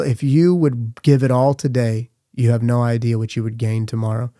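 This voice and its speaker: A man's voice: medium pitch, mellow, dry recording, studio quality. A man hosting a Christian podcast, giving an earnest devotional talk with repeated questions. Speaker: podcast host and Christian speaker.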